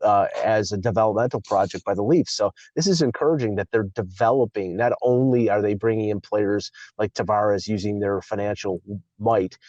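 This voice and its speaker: Low-voiced man, rambling hockey chat. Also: normal speed, darkish tone, no room sound. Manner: rambling, many restarts. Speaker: co-host. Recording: dull lo-fi sound.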